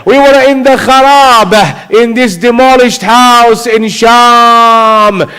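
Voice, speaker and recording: A man's voice: very high voice, fairly even intonation, slow pace, sharp tone, smooth, rough recording. A man preacher giving a mourning sermon, telling the story in an emotive, repetitive way.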